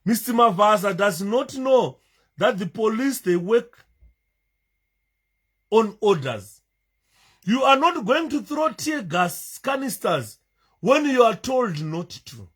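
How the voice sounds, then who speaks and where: Male commentator reacting to video footage, emotional and emphatic, with a wide, animated pitch. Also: slow pace, pauses often, husky. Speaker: political commentator. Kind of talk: commentary over video clips.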